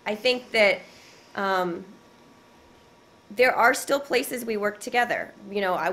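Measured woman briefing the press. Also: mid-range voice, a bit bright, slight background noise. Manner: measured, hedging with frequent ums. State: losing her voice. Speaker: government spokesperson.

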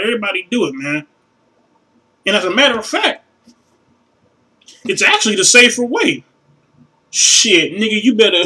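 A young man vlogging a profane, animated rant to camera, loud and crude, sometimes mocking others in a shrill falsetto. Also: far from the mic, low-quality recording.

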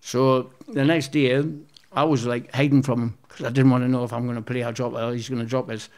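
A man's voice: mid-range voice, little pitch movement, brisk, darkish tone. Guy in his 50s, swears a lot, rambles through funny stories, acts out the quotes. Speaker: interview guest. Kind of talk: casual storytelling.

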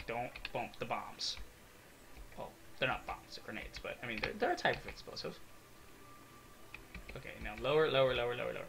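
A young man giving excitable, swear-filled let's-play commentary, talking to himself as he builds in a game. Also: medium pitch, a little fast, creaky, slight background noise. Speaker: gaming video creator.

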